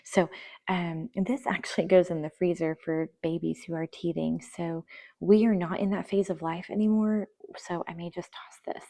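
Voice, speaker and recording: A woman's voice: on the low side, mellow. A young woman chatting casually while sorting her kids' toys, often trailing into near-whispers. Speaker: vlogger. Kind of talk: casual voice-over while decluttering.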